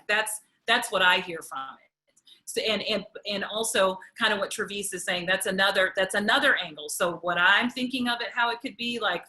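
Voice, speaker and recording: A woman's voice: medium pitch, brisk, pushed and bright, rough recording. A woman speaking as a panelist in a roundtable discussion, thinking aloud and acting out the voices of others she quotes.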